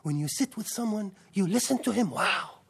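A man with a strikingly high voice preaches a sermon. He talks emphatically, stacking up lists and repeating phrases to drive each point home. His delivery is that of a teacher guiding an audience. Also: expressive, fairly quick, vocal fry, dark tone, breathy edge. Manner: emphatic, rhetorical, with lists and repetition.

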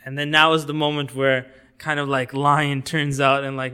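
A man giving an informal lecture on outreach techniques, animated and conversational, often acting out little dialogues. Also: medium pitch, normal speed, smooth. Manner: conversational with fillers and asides.

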